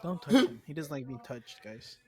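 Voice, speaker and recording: A man's voice: fairly high pitch, very animated, normal speed, very noisy. A man on a casual podcast who talks in an earnest, rambling, reflective way. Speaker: podcast co-host.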